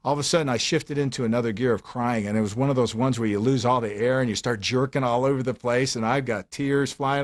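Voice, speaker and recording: Older man telling a halting story. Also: medium pitch. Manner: animated, halting retelling with fillers. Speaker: former player interviewee. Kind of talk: interview storytelling.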